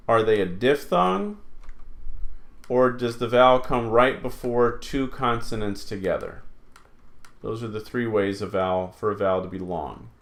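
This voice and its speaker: A man teaching an online Latin lesson, explaining slowly and patiently with many fillers. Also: mid-range voice, fairly bright tone.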